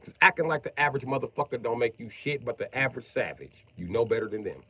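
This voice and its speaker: A man ranting casually on a livestream, using profane, swaggering slang and swinging between a mutter and loud talk. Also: mid-range voice, expressive, fast, breathy edge, no room sound.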